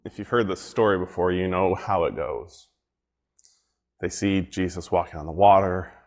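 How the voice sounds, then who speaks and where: Pastor guy with a deep low voice, talks reflective and easy, repeats lines for emphasis. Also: moderate pace. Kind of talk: devotional sermon.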